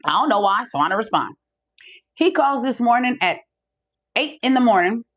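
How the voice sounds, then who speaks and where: Animated, profane middle-aged woman storyteller. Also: a little high, moderate pace. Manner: animated, profane, acts out the other voices in her stories. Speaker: podcast host. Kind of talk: casual storytelling monologue.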